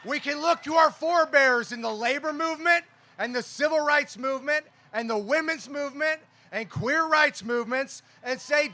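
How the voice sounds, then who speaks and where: A man with a very high, brilliantly bright voice drives an outdoor rally speech. He is a union leader who hammers a repeated refrain with building passion, and his tone stays sharp and ringing throughout. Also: normal speed. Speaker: union local president, rally speaker.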